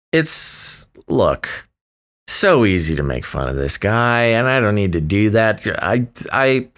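A man's voice: on the low side, fairly bright tone. A man co-hosting a casual podcast, reading a news story aloud with jokey asides and frequent laughter. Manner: wry, joking, laughs often while reading. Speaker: podcast co-host.

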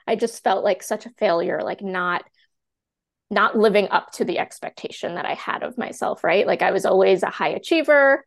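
A woman in her thirties, a teacher and classroom coach, telling her story as a podcast guest in a chatty, animated way full of "like" fillers. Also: medium pitch, normal speed, gravelly. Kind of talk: candid personal storytelling in a podcast interview.

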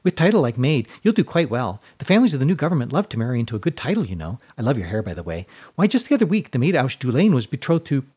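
A man voicing a small, chatty young girl with a high, breathy voice who prattles on. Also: sing-song, a little mellow. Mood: gossiping. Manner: prattling, rapid gossip.

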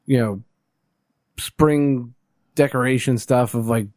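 A man's voice: medium pitch, slow pace, darkish tone, dry recording. A man co-hosting a podcast, chatting casually in an easygoing way and often agreeing with short replies. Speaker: podcast co-host. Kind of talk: casual chat.

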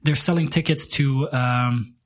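A man's voice: medium pitch, measured pace. A man hosting a podcast in casual chat, easygoing and loose, chuckling and trailing off mid-sentence. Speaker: podcast host.

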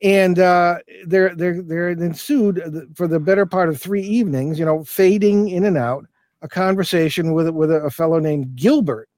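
An older man talks through a strange experience, circling back with fillers and restarts as he goes. His voice sits a little high. The sound is dry and close. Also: normal speed, a little mellow, dry recording. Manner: rambling, many fillers and restarts. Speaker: paranormal investigator guest. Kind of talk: storytelling in an interview.

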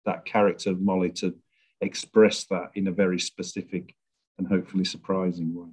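Reflective middle-aged man, low voice. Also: little pitch movement, a little mellow, slightly rough. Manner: reflective, measured, searching for words. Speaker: screenwriter guest. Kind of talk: conversational interview.

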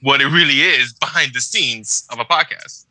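Forceful and bright, this medium-pitched male voice moves at a moderate pace. He's a podcast co-host telling stories in a laid-back way, full of slang and cursing. The audio is poor, with no room sound.

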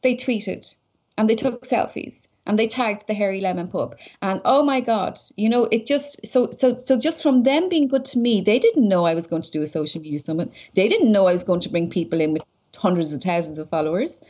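An Irish woman with a mid-pitched voice chats as a podcast guest, spilling one anecdote after another with plenty of "like" and "you know". Her talk is lively and informal. The audio sounds a little dull and lo-fi. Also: brisk. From Ireland. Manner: chatty and animated, telling anecdotes with lots of "like" and "you know". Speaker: guest, social media entrepreneur. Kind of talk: casual conversational storytelling.

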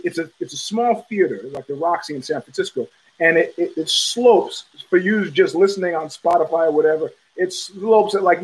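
Middle-aged male host, higher-pitched voice; loose, profane, rambling monologue with frequent restarts. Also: poor audio. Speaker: podcast host. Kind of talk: casual monologue.

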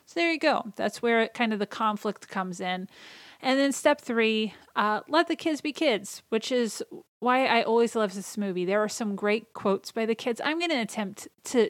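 A woman's voice: mid-range voice, no echo. A woman hosting a podcast, chatting enthusiastically through a casual movie recap. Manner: chatty and enthusiastic, reading out favorite quotes. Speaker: podcast host.

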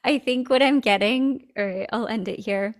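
A woman co-hosting a podcast over a video call, talking in a gentle, reflective way with easy giggles. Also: a little high, moderate pace.

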